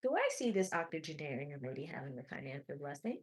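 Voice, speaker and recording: A woman's voice: low-pitched, very animated, husky. Chatty woman reading tarot live. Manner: chatty and affectionate, calls viewers honey and sweetie; reads chat aloud while scrolling, with pauses and restarts. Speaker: tarot reader on a livestream.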